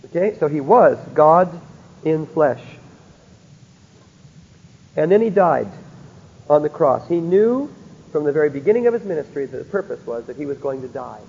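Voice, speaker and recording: Gravelly man lecturing in an echoing hall. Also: a little high, lively intonation, normal speed, long pauses. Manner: keeps checking in with rhetorical questions. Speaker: Bible teacher. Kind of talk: recorded theology lecture. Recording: dull lo-fi recording in a reverberant hall.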